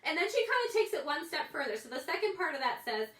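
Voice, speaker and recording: A woman's voice: sits high, big pitch swings, fast talker, a bit bright. Chatty woman teaching in an echoey room. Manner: chatty, many fillers and asides. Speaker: Bible study teacher. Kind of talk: casual Bible study talk.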